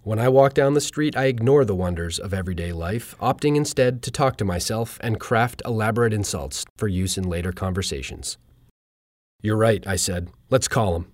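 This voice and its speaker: A man reads his own comic essay aloud in a dry, deadpan manner. His voice sits on the low side, and the recording is close and dry with no room sound. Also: fairly quick, hardly any pauses, no room sound. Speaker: narrator. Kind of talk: reading a personal humorous essay.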